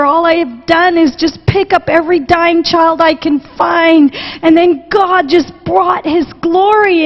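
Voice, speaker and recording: Her voice is very high-pitched, steady in tone and measured in pace as this missionary preacher shares a testimony sermon. She is passionate, repeats herself, and at times comes close to crying, all captured in a dull recording with long hall reverb.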